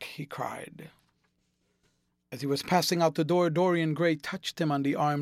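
A man reading a classic novel aloud as an audiobook narrator, clear and even. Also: on the high side, unhurried, no room sound, clean studio sound.

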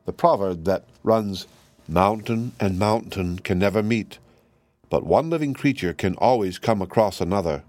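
A man's voice: lowish voice, normal speed, a little mellow, no echo, lightly acted. Storybook wood pigeon, a small pleading bird read by a man, raised voice, dry sound. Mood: earnest.

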